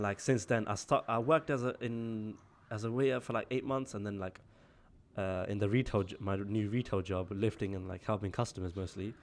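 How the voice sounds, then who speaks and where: Young man, slightly low voice. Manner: chatty, heavy on "like" fillers, exasperated storytelling. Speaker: vlogger. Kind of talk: casual story time.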